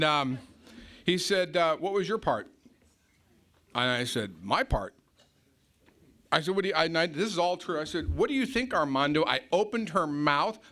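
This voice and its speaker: Blunt, bright-voiced American man telling a story. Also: on the high side. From United States. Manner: blunt storyteller acting out heated exchanges. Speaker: recovery meeting speaker. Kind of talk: personal story told to a live audience. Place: meeting hall with audience. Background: faint audience laughter.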